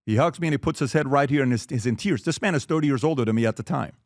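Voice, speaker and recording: A man's voice: mid-range voice, racing, no echo, studio quality. A man in his forties giving an earnest motivational talk on fatherhood and asking the audience questions. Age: 40s. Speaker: speaker.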